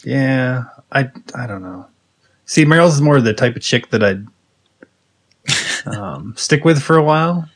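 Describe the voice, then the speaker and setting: A man's voice: mid-range voice, expressive, moderate pace, dry recording. A young man hosting a casual gaming podcast, laid-back and joking. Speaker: podcast host.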